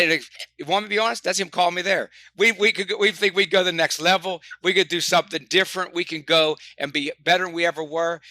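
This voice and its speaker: A man, a sports psychologist, telling stories in an animated, motivational way, often doubling his words. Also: high-pitched, no room sound. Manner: animated, anecdotal, repeats words. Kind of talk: motivational storytelling.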